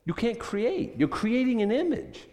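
Conversational male pastor, rhetorical and animated, church hall reverb. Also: very high voice, unhurried. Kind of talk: sermon.

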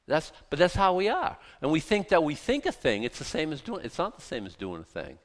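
A man preaching a conversational sermon, animated and informal, with many fillers and restarts. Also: on the high side, brisk, in a large hall. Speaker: pastor.

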